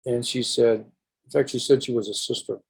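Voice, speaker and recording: A man's voice: medium pitch, steady tone, brisk, gravelly, husky. An older man, a podcast guest, recounting a personal story earnestly in a rambling way with restarts.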